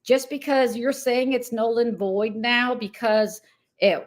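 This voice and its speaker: Woman commentary host, slightly high voice, irritated and disbelieving. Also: takes it slowly. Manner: irritated, incredulous, addresses target directly. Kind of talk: exasperated commentary rant.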